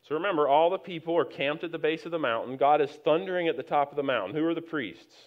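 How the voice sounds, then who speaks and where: A man's voice: on the high side, fast. A middle-aged man preaching a sermon as the pastor, telling stories in a conversational way that builds to emphatic points. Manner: conversational, anecdotal preaching with many restarts and rising emphasis. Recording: slightly dull, lo-fi sound.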